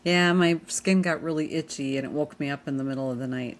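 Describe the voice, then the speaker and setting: A woman's voice: low-pitched, a little fast, a little hiss or hum, lightly acted. A woman briefly voicing her young grandson, answering matter-of-factly. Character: young boy, reluctant then reasonable.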